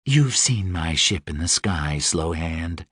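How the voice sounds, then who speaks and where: A cold, menacing winged warrior woman, put on by a male narrator in a fantasy audiobook. The voice sits deep and drawn out, each threat delivered slowly over a dry, close recording. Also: expressive, fairly bright tone, breathy edge, no echo, full character voice. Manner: low, slow and threatening.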